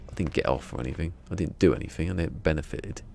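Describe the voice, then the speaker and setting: A man's voice: very deep voice, fast, creaky, mellow, a little hiss or hum. A man streaming a game live, chatting casually in a rambling, self-mocking way.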